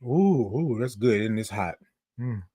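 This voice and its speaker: A man hosts a casual morning livestream, chatty and upbeat, greeting viewers by name and drawing out his good mornings. His mid-range voice is animated yet unhurried with a dark tone, recorded close to the mic with a little hiss or hum.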